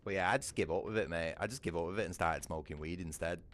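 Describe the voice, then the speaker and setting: Deep-voiced and fast, with a fairly bright tone, this British streamer chats casually during a gaming livestream. He rambles, swears a lot, and repeatedly asks "you know what I mean."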